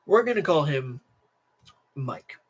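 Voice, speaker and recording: A tired teenage boy rants to his stream in a rambling, restless way. He keeps circling back, restarting his sentences and repeating himself. His voice sits a bit high for a young man. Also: big pitch swings, takes it slowly, breathy edge. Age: teens. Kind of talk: casual political rant to camera.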